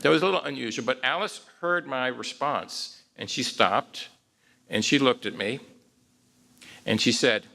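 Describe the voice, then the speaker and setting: Gravelly older man telling a story. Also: mid-range voice, unhurried. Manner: relaxed storytelling with wry self-deprecating humor; frequent "um" and "uh" fillers. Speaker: psychologist giving a conference talk. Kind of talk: conversational lecture with a clinical story.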